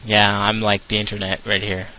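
A man's voice: lowish voice, monotone, moderate pace, bright, forceful tone, slight background noise, poor audio. Joking young man hosting a podcast. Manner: joking, teasing, laughs often. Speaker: podcast host. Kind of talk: casual chat. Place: shared room with a passed mic.

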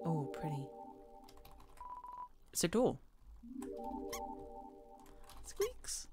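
A woman narrating her gameplay in a lowish voice that swoops up and down with delight. She reads the on-screen text aloud and gushes playfully, with game music running in the background. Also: huge pitch swings, very slow. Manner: gushing and playful, squeals over dogs. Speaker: let's play gamer.

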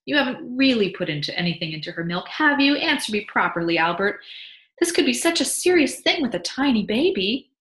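Woman doing a worried young mum, scolding and pushing for answers, big swings in pitch, echoey room. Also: sing-song, fairly quick, a bit bright. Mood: alarmed, scolding. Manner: worried and indignant, pressing questions. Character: anxious, scolding young mother and wife.

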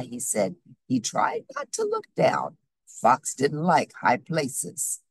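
A woman reads a children's storybook aloud at an unhurried pace. Her voice is husky with a gravelly edge and rises and falls widely. The sound is dry and close. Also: deep voice, no room sound. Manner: slow, expressive storytelling. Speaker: storybook reader. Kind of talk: reading a children's book aloud.

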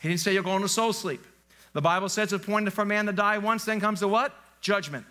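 A man with a high, bright voice preaching to his congregation in a church. He talks in a loose, conversational way, mixes in jokes and keeps checking that the crowd is following him. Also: a little fast. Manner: conversational, joking, quizzes the congregation. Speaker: pastor. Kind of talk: sermon. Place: church sanctuary, live service.

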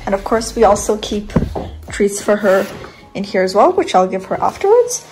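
Young woman vlogger, rambling room tour on a phone cam in a bedroom, soft music behind her. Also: mid-range voice, big pitch swings, moderate pace, rough recording. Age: 20s. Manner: chatty, rambling, giggly. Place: bedroom, indoors.

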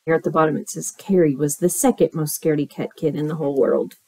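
A woman teacher reading a picture book aloud to children, expressive and playful, with squeals and sound effects. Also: low-pitched, fast talker, no room sound.

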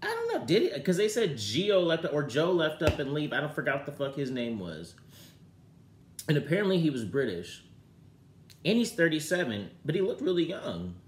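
A man giving a casual, sassy and profane review of a reality TV episode, swinging from low muttering to loud outbursts. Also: wildly swooping pitch, normal speed, roomy sound, a little hiss or hum.

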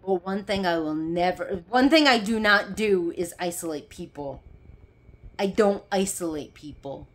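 A woman's voice: lowish voice, a little slow. A young woman ranting to her phone camera, heated and sarcastic, swearing and laughing bitterly. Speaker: vlogger. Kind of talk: angry personal rant to camera.

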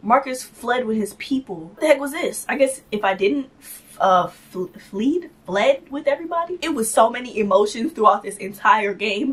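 A young woman hosting a gaming channel, giving excited let's-play commentary, shouting, laughing and talking in slang. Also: high-pitched, recorded from a distance. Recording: voice a bit off-mic over game music.

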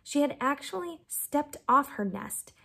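A woman reading chapters of a children's novel aloud, raising her pitch for the characters' quoted lines. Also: expressive, unhurried, vocal fry, a bit bright. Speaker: reader.

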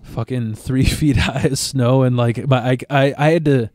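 Comic guy rambling thru a work story, swears a lot, stutters into sentences, kinda dark mellow voice, dead dry sound. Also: medium pitch, fairly even intonation, normal speed, no room sound. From Chicago area. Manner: profane, rambling, repeats words when starting. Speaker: stand-up comedian guest. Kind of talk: casual podcast storytelling.

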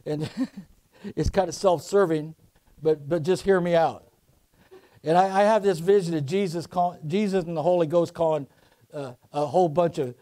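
A pastor with a high voice preaches a sermon. He draws out his phrases slowly, then drops low and quiet to tell a story before he climbs back up to a shout. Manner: preaching with swings from soft to shouting.

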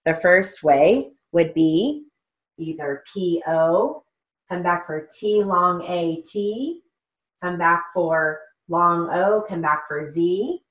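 Woman, steno instructor; slow, careful dictation, slightly low pitch. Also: lively intonation, a bit bright. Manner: slow, measured dictation, spelling out letters. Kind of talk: dictation lesson with explanations.

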